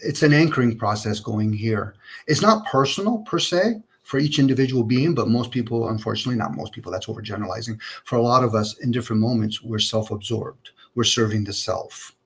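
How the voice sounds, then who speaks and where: A man hosting a livestream rambles through philosophical ideas over an online call, tossing out plenty of rhetorical questions. His voice is medium-pitched and fairly quick, with few pauses, in a casual philosophical chat.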